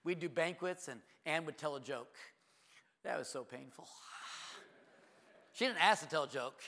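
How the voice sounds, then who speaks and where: A man preaching a sermon as a pastor, telling stories in an animated way and jumping to loud, high exclamations. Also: moderate pace, in a large hall.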